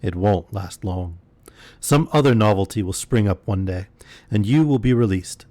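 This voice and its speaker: Man voicing a scheming older uncle, cool, dismissive, storybook, low voice, dry. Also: lively intonation, moderate pace, dark tone, no room sound, lightly acted. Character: cold scheming older male moneylender uncle.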